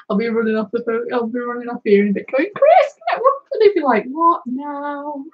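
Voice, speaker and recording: A woman hosting a live colouring stream, chatting excitedly, giggling often and thanking viewers warmly. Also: mid-range voice, slightly rough, no echo, muffled recording. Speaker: craft channel host.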